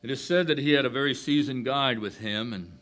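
A man with a medium-pitched voice preaches a sermon slowly and emphatically. He climbs to loud declarations, then falls back to hushed phrases.

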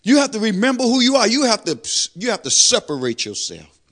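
Animated older preacher man. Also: sits high, fairly quick. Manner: animated preaching, swells loud on praise lines. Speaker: lay preacher. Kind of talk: sermon testimony.

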